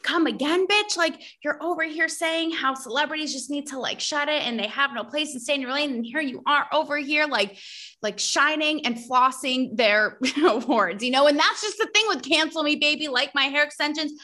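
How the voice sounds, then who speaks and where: A woman hosting a podcast, talking in a casual, gossipy and animated way, full of sass and asides to her listeners. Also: high voice, normal speed. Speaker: podcast host. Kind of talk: casual chat.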